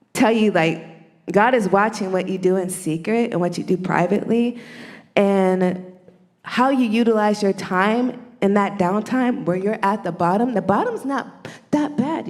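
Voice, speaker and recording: A woman who is a church elder, giving an animated testimony at a church service and talking directly to the congregation. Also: mid-range voice, unhurried.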